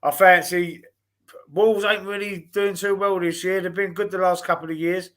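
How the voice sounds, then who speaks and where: A man with a Cockney accent chats casually about football over a video call. His voice sits a little high, and he talks loosely, with plenty of fillers and restarts. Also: steady tone, moderate pace, a bit bright. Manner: chatty, hesitant, drops in fillers. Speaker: podcast host.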